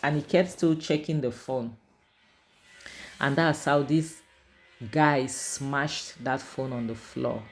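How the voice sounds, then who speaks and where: A man recapping a drama episode in an animated, emotional, casual way. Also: medium pitch, slow, long pauses, slight background noise. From Nigeria. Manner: animated, emotional retelling with conversational fillers. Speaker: drama series reviewer.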